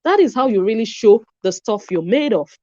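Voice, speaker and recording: A woman's voice: a little high, animated, fairly quick, darkish tone, dry recording, highs cut off. Sarcastic woman commentator, dry sound. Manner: sarcastic, questioning. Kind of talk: commentary vlog.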